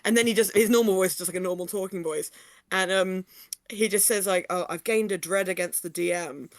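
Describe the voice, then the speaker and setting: A woman's voice: lowish voice, a little fast, no echo, clean studio sound. A woman streamer playing a game, chatty and giggly, reading lines and joking with her co-host. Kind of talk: casual game-playing chat.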